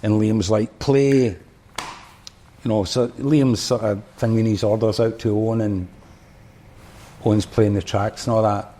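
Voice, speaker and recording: A Scottish man with a fairly low voice, a former band drummer appearing as a podcast guest, rambles through a long, unhurried story about his band days, pausing often. He circles back, restarts phrases, and uses lots of fillers, like relaxed casual storytelling. A little hiss or hum sits in the background.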